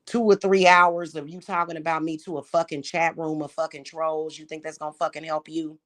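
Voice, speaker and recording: A woman's voice: low voice, flat delivery, fairly quick. A woman delivering an angry, profane, confrontational monologue to the camera, mocking and scolding someone. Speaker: vlogger.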